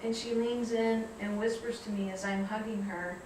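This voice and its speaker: A woman giving a reflective public talk, telling stories in a measured way. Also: a little high, steady tone, very echoey, far from the mic, background noise. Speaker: guest speaker. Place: lecture hall.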